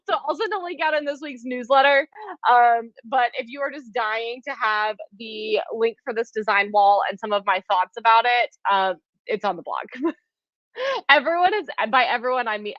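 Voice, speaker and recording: A woman's voice: a little high, expressive, normal speed, a bit bright, highs cut off. A chatty woman, hosting a live quilting class and greeting viewers by name. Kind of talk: live-stream chat with viewers.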